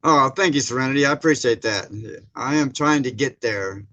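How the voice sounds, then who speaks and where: A man's voice: medium pitch, moderate pace, pushed and bright. Man, livestream host, loose rambling chat-reader. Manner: folksy, laughs often, many fillers. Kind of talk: casual live chat. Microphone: streaming setup mic.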